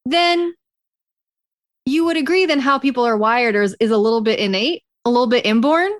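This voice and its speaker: A woman's voice: fairly high pitch, normal speed, dry recording, studio quality. A woman co-hosting a casual advice podcast, talking in a blunt, emphatic and jokey way. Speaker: podcast co-host.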